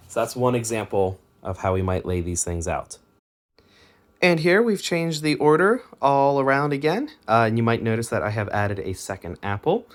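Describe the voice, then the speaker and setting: A man's voice: medium pitch, expressive, normal speed, slight background noise. A young man giving a home music lesson in his kitchen, explaining step by step and chanting words in rhythm. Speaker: music teacher.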